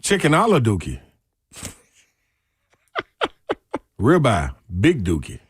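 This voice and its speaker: A man's voice: mid-range voice, wildly swooping pitch, slow, breathy edge, no echo. A man co-hosting a radio show, joking around and reading aloud in casual banter. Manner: playful, jokey, reads aloud. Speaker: radio co-host.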